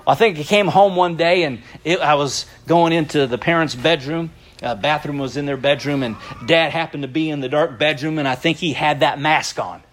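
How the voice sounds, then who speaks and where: A middle-aged male pastor delivers a sermon in a noticeably high voice. He preaches by telling stories and breaks into laughter often. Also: moderate pace. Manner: lively storytelling, laughing often.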